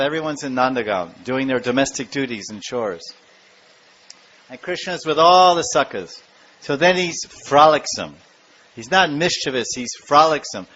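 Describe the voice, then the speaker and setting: A man giving a devotional lecture, telling stories in an animated way and acting out the scenes. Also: medium pitch. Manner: animated storytelling, acts out scenes. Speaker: spiritual lecturer. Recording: dull lo-fi lecture recording.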